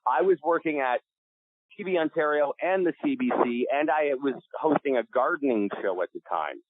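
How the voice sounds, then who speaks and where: A middle-aged man from Canada telling stories as a podcast guest, animated and casual, restarting sentences and swearing freely. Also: a little high, moderate pace, no echo. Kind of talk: storytelling interview. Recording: dry, tinny phone-like sound.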